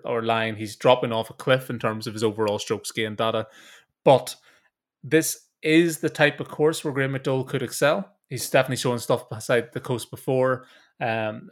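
A middle-aged man with a Northern Irish accent, hosting a golf betting podcast in a chatty, brisk way that also takes in a host-read ad. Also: mid-range voice. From Northern Ireland. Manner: chatty, brisk, restarts and repeats words.

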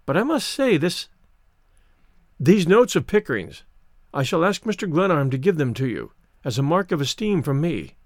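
A man's voice: on the high side, sing-song, moderate pace, dry recording, studio quality. A man voicing a cool, poised young woman who speaks with frosty, formal politeness. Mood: firm earnest.

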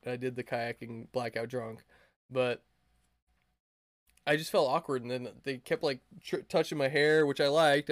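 A man's voice: mid-range voice, no echo, clean studio sound. A young man chatting on a podcast, telling a crude, rambling story with lots of fillers and laughs. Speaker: podcast co-host. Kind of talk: casual podcast chat.

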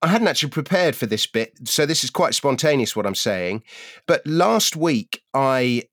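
A male podcast guest trading wry, understated quips in relaxed conversation. His pitch is ordinary for a man, and he is recorded close with a dry sound and no room reverb. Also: normal speed. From Southeast London. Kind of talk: casual comedy chat.

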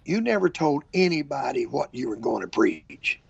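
A man's voice: medium pitch, normal speed, vocal fry, slightly rough, dry recording, highs cut off. An older man, an evangelist telling stories in a casual interview and acting out what people said. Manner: animated storyteller, acts out quotes. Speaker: traveling evangelist preacher.

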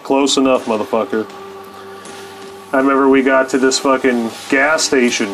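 A man at a mid-range pitch spins a road-trip story in a loose, meandering way, swearing freely and breaking into laughs. Faint music plays behind him. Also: poor audio. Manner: profane, rambling, laughs often. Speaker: podcast host. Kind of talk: casual storytelling monologue.

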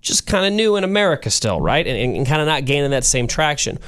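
A man's voice: fairly high pitch, fast, clear, resonant tone. A man co-hosting a morning radio show, telling stories in casual banter and now and then slipping into put-on voices. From Kansas City area. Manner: animated storyteller, slips into put-on voices.

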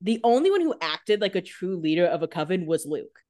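A woman's voice: fairly low pitch, very animated, brisk, darkish tone. A woman co-hosting a casual TV recap podcast, blunt and opinionated with casual swearing. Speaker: podcast co-host.

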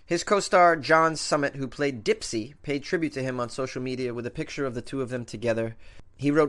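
A male host reads strange news items and then jokes about them with playful mock outrage. His voice sits at an ordinary middle pitch. The delivery is a loose, casual comedic commentary. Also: fairly bright tone.

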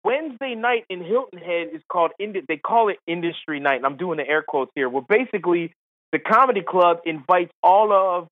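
Higher-voiced man telling stories over a phone line. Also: fairly quick, no room sound. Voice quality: lively storyteller who acts out voices. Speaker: podcast guest, comedian and golf analyst. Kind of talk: animated anecdote telling.

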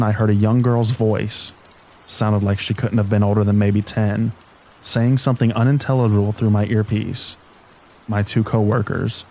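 A man narrating scary stories in a calm, even, sleep-story reading with rain behind him. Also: fairly low pitch, low-quality recording.

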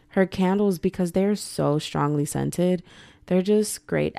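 A young woman hosting a solo podcast, chatting casually in an animated, slangy way. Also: fairly low pitch, moderate pace, vocal fry, dry recording, clean studio sound. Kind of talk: casual chat.

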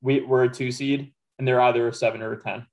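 Relaxed man chatting about sports. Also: medium pitch, fast, poor audio. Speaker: podcast co-host. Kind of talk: casual sports chat.

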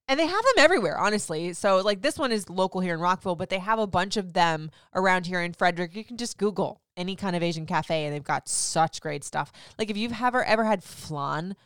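A woman's voice: fairly low pitch, a bit bright, clear, resonant tone, dry recording, clean studio sound. A woman hosting a podcast, gushing about food in a chatty, casual way with lots of filler words. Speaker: podcast host. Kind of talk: casual chat.

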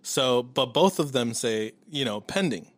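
Swearing, animated man telling a story. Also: mid-range voice, a little slow, no room sound. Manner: animated storytelling, acts out his own quotes, swears freely. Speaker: storyteller in a casual podcast chat. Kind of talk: casual chat.

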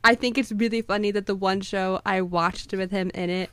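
A woman's voice: medium pitch, steady tone, moderate pace, a bit bright, clean tone, dry recording. A young woman co-hosting a podcast, chatting casually and playfully, giggling often. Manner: playful, giggly, repeats lines for fun. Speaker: podcast co-host. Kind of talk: casual chat.

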